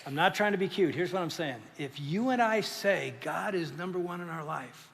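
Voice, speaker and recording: A man preaching a sermon as pastor, telling stories with lively acted-out voices. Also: sits high, moderate pace, gravelly. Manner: animated storytelling, acting out voices. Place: church. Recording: reverberant church hall.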